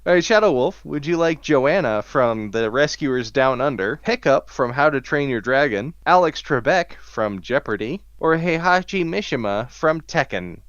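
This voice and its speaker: A man hosting a casual game between friends, reading out choices in a quick patter. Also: mid-range voice, dry recording, muffled recording. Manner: lively, offering choices in a list-like patter. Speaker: game host. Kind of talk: casual game-show banter.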